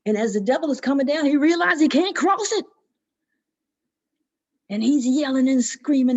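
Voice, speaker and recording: A woman telling a folk tale in an expressive, dramatic storytelling manner. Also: sits high, normal speed, pauses often. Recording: dull lo-fi recording.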